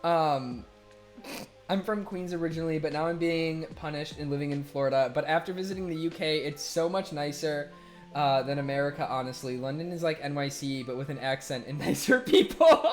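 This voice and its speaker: Speaking briskly in a fairly high male voice, a young streamer reads out chat messages and talks casually. His delivery is loose and full of laughter and cursing, lurching from loud to barely audible. There's faint music in the background.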